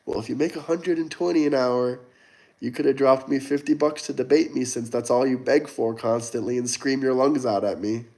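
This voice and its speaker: This young adult livestream host from the United States keeps things casual, reading chat and responding to viewers with blunt, argumentative ridicule. His voice is mid-range and slightly mellow, with fairly even intonation and a normal speed.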